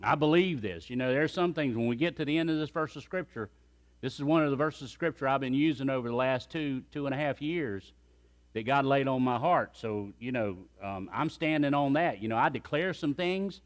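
A man's voice: medium pitch, fairly quick. A man preaching a sermon as pastor, emphatic and calling on the congregation to repeat phrases after him.

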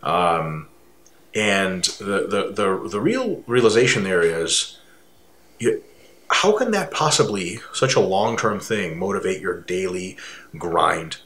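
A man co-hosting a casual fitness talk, speaking emphatically and building his voice up high when he makes a point. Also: takes it slowly. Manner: animated, emphatic, swings to rising pitch when making a point. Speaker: fitness coach and co-host. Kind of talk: casual conversation. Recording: roomy echo.

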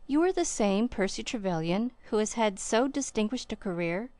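A woman voicing a brisk, bustling middle-aged gentleman who talks in an abrupt, blunt way, in a storybook reading. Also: medium pitch, lively intonation, no room sound, lightly acted. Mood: brusque.

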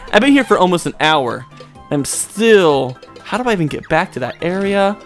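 Young man, slightly high voice, joking, rambling, crude humor, gameplay banter, faint music behind. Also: very animated, moderate pace. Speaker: gaming YouTuber. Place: his bedroom.

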